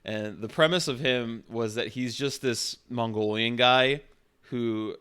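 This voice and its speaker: A man's voice: medium pitch, takes it slowly, a bit bright, clean tone. Rambling casual male streamer. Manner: rambling, swearing, frequent restarts.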